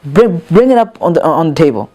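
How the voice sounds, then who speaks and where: This instructor's fairly high voice swings widely in pitch, brisk and warm in tone. His casual lesson rambles with repeated words and many "you know" fillers while he acts out examples.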